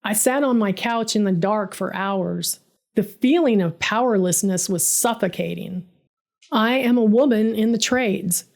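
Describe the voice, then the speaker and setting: A woman's voice: mid-range voice, a little slow, gravelly. A woman narrating her own first-person story, dramatic and bitter in tone.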